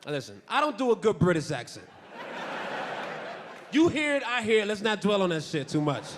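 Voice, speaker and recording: A man's voice: sits high, big pitch swings, brisk, noisy background. A man doing stand-up comedy on a theater stage, telling self-mocking, rambling stories full of tangents. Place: theater stage before a live audience. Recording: live theater recording with hall reverb.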